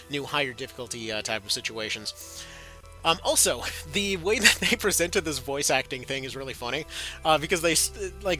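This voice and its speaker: Bright-voiced man rambling through game news. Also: fairly high pitch. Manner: rambling, filler-heavy, sardonic. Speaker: gaming video host. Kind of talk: casual commentary video.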